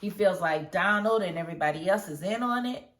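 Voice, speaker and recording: A woman casually reviewing a TV episode, chatty and animated, often breaking into laughter as she retells scenes. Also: fairly low pitch, brisk, distant mic. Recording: roomy echo.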